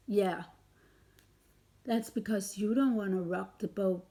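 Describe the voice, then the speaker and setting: A woman's voice: medium pitch, darkish tone. A woman vlogger delivering a heated, confrontational rant straight at her listener, swearing often. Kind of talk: angry direct-to-camera rant.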